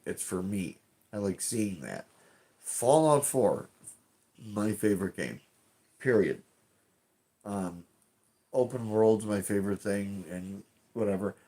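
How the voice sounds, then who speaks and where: A man with a fairly low voice hosts a casual live stream from his home. He rambles loosely, swears freely and trips over his sentences as he chats to viewers. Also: dark tone. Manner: rambling, profane, restarts often.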